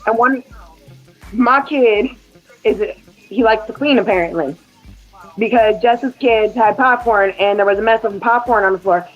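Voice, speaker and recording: A woman with a fairly high voice chats casually, telling stories about her little boy and putting on his lines. The sound is dull and lo-fi, with faint music playing underneath. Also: a little slow, pauses often. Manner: animated, acts out her son's quotes. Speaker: podcast host. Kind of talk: casual storytelling chat.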